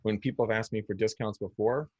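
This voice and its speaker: A man's voice: lowish voice, steady tone, quick pace, a little mellow, husky, no echo, lo-fi sound. A man from the United States, a guest on a podcast, talking in a blunt, emphatic and snarky way, often repeating words. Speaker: guest real estate agent. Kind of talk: podcast interview.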